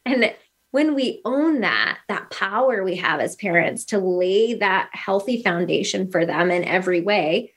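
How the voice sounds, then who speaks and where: A woman's voice: medium pitch, unhurried. Earnest woman telling a parenting story. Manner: earnest, animated storytelling with quoted dialogue. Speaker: guest. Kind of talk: casual podcast conversation.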